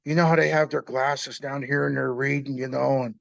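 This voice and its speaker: Gravelly older man telling a story. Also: mid-range voice, level tone, brisk, fairly bright tone, no echo, muffled recording. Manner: rambling, plain-spoken, acts out remembered dialogue. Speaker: speaker telling his own story. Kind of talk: casual spoken storytelling.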